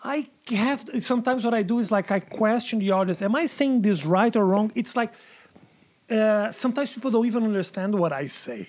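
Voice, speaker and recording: A man from Brazil whose first language is Portuguese, a stand-up comedian speaking English in a casual chat, deliberate and searching for words. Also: high-pitched, animated, a little mellow.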